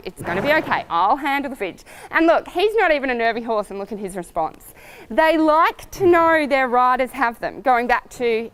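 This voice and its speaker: A middle-aged woman riding coach talking casually to camera, animated and storytelling with laughs. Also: a little high, a little hiss or hum.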